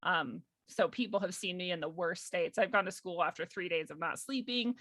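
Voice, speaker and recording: A young woman recounts a personal story in casual conversation. Her voice is bright and forceful, and the sound is dry with no room around it. She laughs often and acts out the voices of the people she quotes. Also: on the low side, normal speed, no echo. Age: young adult. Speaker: guest.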